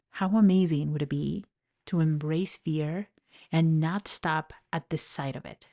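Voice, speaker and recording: A woman's voice: on the low side, measured pace, dark tone. A woman with an accent hosting a podcast, speaking earnestly and encouragingly as a life coach, telling personal stories while standing at a studio mic in her office. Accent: non-native English accent. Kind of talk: reflective podcast monologue. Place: home office.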